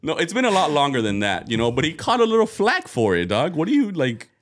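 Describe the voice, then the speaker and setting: Laid-back man with a lively, bouncing voice. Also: on the high side, fast. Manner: laid-back, laughing often, says "dog" a lot. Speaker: podcast co-host. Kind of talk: casual podcast chat.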